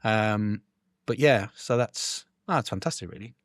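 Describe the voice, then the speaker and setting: A man's voice: fairly low pitch, measured pace, no echo, studio quality. A man co-hosting a podcast, chatting casually in rambling sentences with restarts. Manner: rambling with restarts, laughs along. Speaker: podcast co-host. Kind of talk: casual chat.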